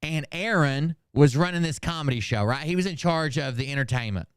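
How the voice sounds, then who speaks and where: Man, casual commentary, rambling and swearing, smooth clear voice, dry sound. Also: a little high, fairly quick, no room sound. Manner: rambling and forgetful, loses names, profane asides. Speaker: commentary channel host.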